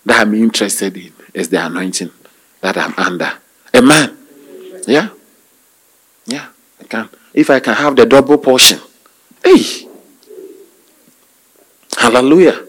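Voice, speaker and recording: A male pastor preaching a sermon, calling out hallelujahs and amens, with hesitant restarts and slow, drawn-out emphasis. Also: fairly low pitch, low-quality recording. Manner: call-and-response preaching with frequent hallelujahs.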